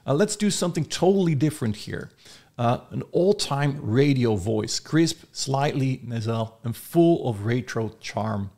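Enthusiastic man demoing software. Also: medium pitch, lively intonation, measured pace, gravelly. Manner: enthusiastic, demonstrating step by step. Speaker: software reviewer. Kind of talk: screen-recorded product review.

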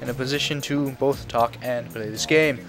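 A man's voice: mid-range voice, moderate pace, music in the background. A man giving casual, rambling let's play commentary, swearing freely and reading game dialogue aloud.

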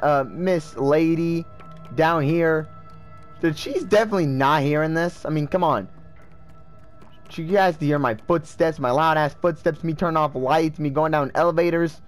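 Excitable young-sounding gamer guy. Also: fairly high pitch, unhurried, faint music behind. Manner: excitable, swearing, talks to himself. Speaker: let's play gamer. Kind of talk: casual gameplay commentary.

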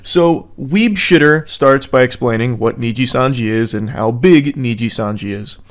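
A man's voice: medium pitch, moderate pace. A man narrating a commentary video in a dry, sardonic way. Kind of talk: scripted commentary.

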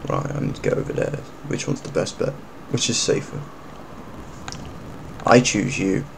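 A man commentating while playing a video game, swearing and yelling at it. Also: on the low side, normal speed, vocal fry, background noise. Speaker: gamer. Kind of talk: let's play commentary.

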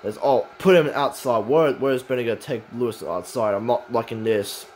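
A man giving excited play-by-play commentary on a wrestling match, swinging from calm description to shouting. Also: medium pitch, a little fast, slight background noise.

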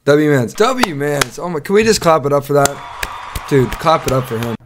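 A man's voice: fairly high pitch, expressive, moderate pace, background noise. A man streaming casual video-chat banter with strangers, crude and teasing as he jokes.

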